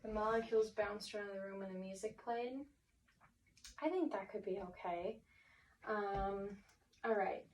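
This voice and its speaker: A woman's voice: medium pitch, unhurried, long pauses, far from the mic, slight background noise, poor audio. A woman teacher walking a class through vocabulary in an encouraging way, thinking aloud and often restarting her sentences. Her voice sits in a middle register and is picked up from a little way off the mic.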